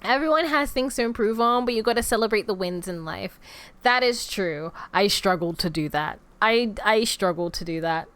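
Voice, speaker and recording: A young woman streaming and chatting casually, animated and self-deprecating, often breaking into laughter. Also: medium pitch, moderate pace, clear, resonant tone. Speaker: VTuber streamer.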